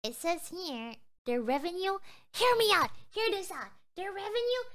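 A woman's voice: very high voice, sing-song, unhurried, a bit bright. A sleepy young woman streamer rambling drowsily as she chats to her viewers, often trailing off. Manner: chatting to viewers. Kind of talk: casual livestream chat.

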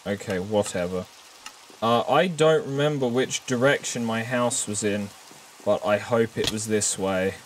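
A man's voice: lowish voice, a little slow, a little hiss or hum. A man chatting casually on a live game stream, rambling and self-mocking, with frequent swearing. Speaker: gaming streamer. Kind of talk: casual live-stream chat while gaming.

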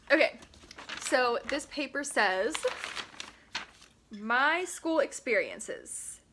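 A young woman with a high, sharp, bright voice chats casually to camera, giggling and teasing herself as she reads out old school papers. Her delivery is playful and self-mocking, with a sarcastic edge. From Pennsylvania, US. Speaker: vlogger. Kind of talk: casual vlog chat, reading old school papers aloud.

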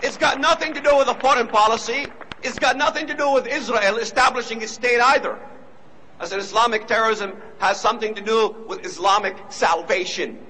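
A man giving an impassioned speech, emphatic and repetitive, now and then rising to shouts. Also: very high-pitched, a little fast, slight background noise, low-quality recording. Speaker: speaker.

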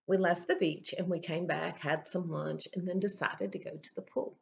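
A woman's voice: on the low side, steady tone, moderate pace, creaky, highs cut off, slight background noise. A woman pastor preaching a sermon in an earnest, conversational storytelling manner.

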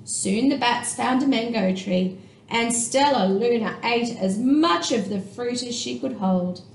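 A woman teacher reading a picture book aloud to young children, slow and expressive. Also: on the high side, reverberant, slight background noise, poor audio.

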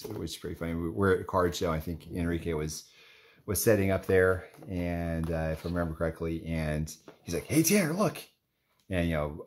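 Low male voice, young adult card collector, loose rambling off-the-cuff commentary. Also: slight background noise. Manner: rambling and chatty, lots of "like" and "anyways". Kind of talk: casual running commentary while flipping through cards.

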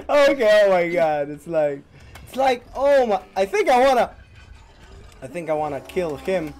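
A man's voice: sits high, big pitch swings, moderate pace, a little mellow. A male gaming streamer commentating on gameplay, breaking into helpless hysterical laughter to the point of tears and swearing as he talks.

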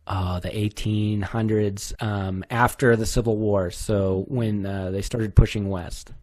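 A man's voice: on the low side, steady tone, unhurried, darkish tone, no room sound. Joking, blunt man, dry sound. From New Hampshire, USA. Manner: blunt, joking, swears freely. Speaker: guest race director. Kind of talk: casual podcast interview.

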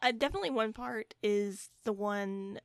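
A young woman co-hosting a casual podcast chat, speaking haltingly with many fillers. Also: medium pitch, clear, resonant tone, no echo, clean studio sound. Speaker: podcast co-host.

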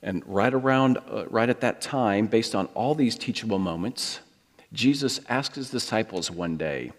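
A man's voice: lowish voice, moderate pace. A middle-aged American man preaching a sermon, storytelling and acting out the voices he quotes. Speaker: pastor. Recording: long hall reverb.

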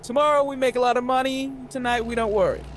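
A man voicing a big, loud, overanxious-to-please man in a read-aloud novel. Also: very high-pitched, fast, slight background noise, pitched above the performer's own voice. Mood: boisterous. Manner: loud, overeager.

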